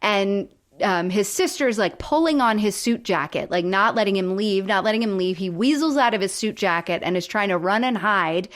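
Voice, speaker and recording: A woman co-hosting a podcast who retells a sitcom episode with animated storytelling, acting out the characters' lines and laughing often. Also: medium pitch, moderate pace, few pauses. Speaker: podcast co-host. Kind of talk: casual chat recapping a sitcom episode.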